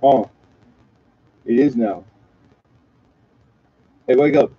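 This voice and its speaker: A man's voice: mid-range voice, extremely slow, husky, no room sound, highs cut off. A man from Southern California rambling and joking with profanity in a casual late-night livestream chat. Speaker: livestream host.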